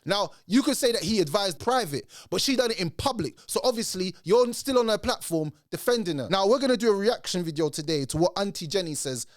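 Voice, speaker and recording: A man ranting in reaction commentary, animated and mocking. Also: high voice, brisk, hardly any pauses, no room sound, clean studio sound. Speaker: commentary channel host.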